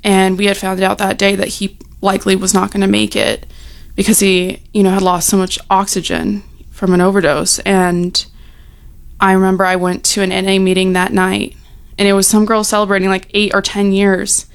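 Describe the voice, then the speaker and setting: A woman's voice: mid-range voice, flat delivery, normal speed, creaky, clear, resonant tone. A young woman telling her personal recovery story in a frank, heartfelt way, full of "you know" and "like", sometimes near tears. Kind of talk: personal testimony, casual.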